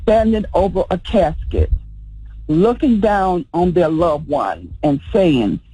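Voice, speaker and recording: A woman's voice: fairly low pitch, lively intonation, slow pace, warm tone, breathy edge, low-quality recording. A woman who owns a funeral home, speaking as a guest on a radio interview. She talks earnestly and with emphasis, often in short repeated phrases.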